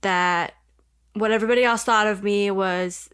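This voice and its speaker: A woman's voice: medium pitch, steady tone, normal speed, fairly bright tone, clean tone. A woman guest on a podcast, talking in an earnest, reflective way in casual chat. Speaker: podcast guest, host's sister.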